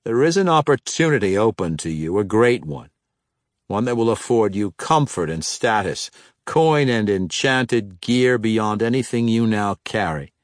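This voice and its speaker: Casting note: man voicing a low-voiced, sly dark elf rogue, persuasive, for an audiobook. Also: animated, a little slow, no room sound, studio quality. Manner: persuasive and wry. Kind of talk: audiobook narration.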